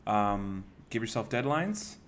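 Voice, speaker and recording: A man casually co-hosting a livestream, easygoing and teasing, with loud laughs. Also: fairly low pitch, expressive, takes it slowly, slight background noise. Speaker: livestream co-host.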